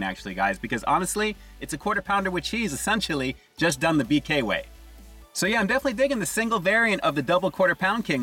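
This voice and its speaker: Man, food reviewer, quick upbeat delivery, slightly husky, heard from a bit off mic with faint music. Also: a little high, bright, forceful tone, distant mic. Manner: upbeat, catchphrase-heavy, talks to viewers as "guys". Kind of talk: casual food review vlog.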